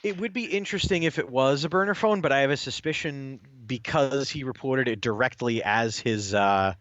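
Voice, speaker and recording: Halting, joking male podcast co-host. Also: mid-range voice, a bit bright, no room sound. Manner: halting, jokey, many fillers. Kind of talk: casual chat. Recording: dry, slightly dull remote stream.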